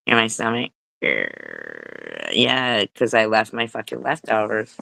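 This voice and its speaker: A woman's voice: very deep voice, expressive, takes it slowly, gravelly, a bit bright, slightly rough, dry recording. A woman hosting a casual live stream, giggling often, swearing freely and breaking into playful bits of song. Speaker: livestream host.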